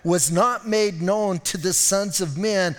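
A man's voice: sits high, takes it slowly. A man preaching a sermon as pastor in an emphatic, conversational way, often urging the listeners to listen and acting out little scenes. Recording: long hall reverb.

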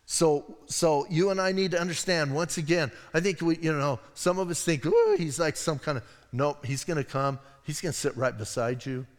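A man delivers a sermon in an easy, conversational way, wandering into asides and then circling back to his point. His voice sits a little high for a man. The sound carries a long reverb from a church hall. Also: moderate pace, hardly any pauses. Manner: conversational, digressive, animated asides. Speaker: pastor. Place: church sanctuary.

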